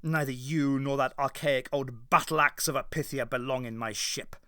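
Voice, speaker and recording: A man's voice: medium pitch, steady tone, moderate pace, a bit bright, smooth, no room sound, clean studio sound, close to an everyday voice. A man reading aloud, voicing a defiant male time traveller who commands and taunts his enemy. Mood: taunting.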